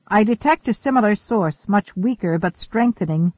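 A man reading the lines of a calm, precise male starship computer in an audiobook. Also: high voice, no echo. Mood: calm, informative. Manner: measured, informative. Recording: thin phone-like dry audio.

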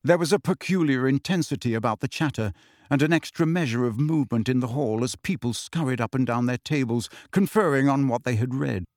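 A man narrating an audiobook in an expressive storytelling manner. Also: mid-range voice, a little fast, no echo, studio quality.

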